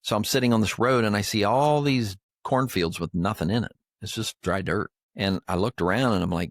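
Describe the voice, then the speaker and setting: Older male co-host, low, sincere storyteller, dry close mic. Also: a little fast, few pauses, dry recording. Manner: earnest, faith-filled, gets emotional. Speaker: podcast co-host. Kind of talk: heartfelt storytelling chat.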